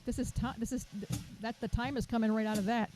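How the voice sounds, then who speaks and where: A woman teaching a drum masterclass over a video call, chatty and counting beats out loud. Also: fairly high pitch, steady tone, fast. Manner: chatty, restarts sentences, counts beats aloud.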